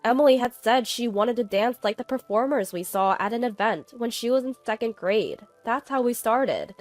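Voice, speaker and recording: A woman narrating a personal family story in a calm, matter-of-fact, scripted first-person style. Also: fairly high pitch, no echo.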